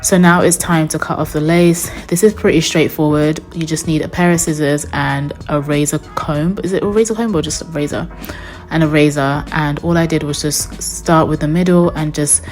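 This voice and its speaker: A woman's voice: sits low, steady tone, moderate pace, darkish tone, faint music behind. A young woman narrating a wig install tutorial as a voice-over, chatty and upbeat, talking straight to her viewers. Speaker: beauty vlogger.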